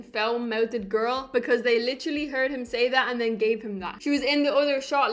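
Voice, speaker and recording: A woman's voice: a little high, fairly bright tone. A woman hosting a casual reaction commentary, blunt and opinionated, swearing freely. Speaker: reaction channel host.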